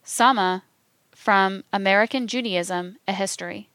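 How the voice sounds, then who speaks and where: Female reader for a scripted read: slow, deliberate, even, crisp tone, dry close recording. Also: medium pitch, dry recording. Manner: measured, even, deliberate delivery. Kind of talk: scripted reading of quotations.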